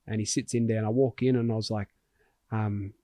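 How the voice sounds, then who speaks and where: A man's voice: on the low side, fairly even intonation, fairly quick, warm tone, no room sound. A man hosting a podcast, telling a personal story in an earnest, heartfelt way with frequent restarts. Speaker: podcast host. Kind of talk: conversational storytelling.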